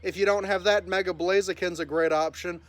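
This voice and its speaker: A man's voice: high-pitched, fairly even intonation, fairly quick, no echo. A man hosting his gaming channel, giving upbeat live commentary and narrating each move as it happens. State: voice cracking from early morning.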